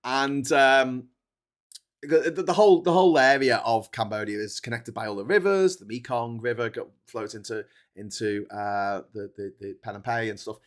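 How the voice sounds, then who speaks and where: A man's voice: mid-range voice, moderate pace. Chatty man rambling through a travel story. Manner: chatty, self-interrupting, laughs at his own story. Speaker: livestream host.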